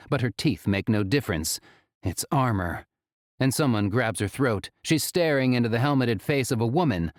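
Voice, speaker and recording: Expressive low-voiced audiobook narrator, man. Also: dry recording, clean studio sound. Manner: expressive, dramatic reading.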